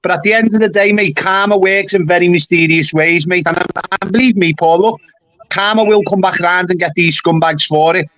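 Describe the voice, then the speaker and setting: A man from England with a slightly high voice, recorded dry and close with no room sound. He talks bluntly and swears freely, tacking "mate" onto his sentences as he chats casually with a caller on his livestream. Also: a little fast, fairly bright tone, no echo, highs cut off. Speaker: YouTube livestream host. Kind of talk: casual call-in chat.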